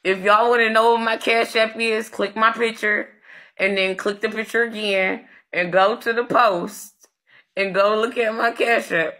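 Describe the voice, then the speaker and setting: A woman's voice: a little high, fairly even intonation, measured pace, sharp tone. A woman ranting on a live stream, brash and profane, taunting viewers and ordering her moderators around on a phone mic.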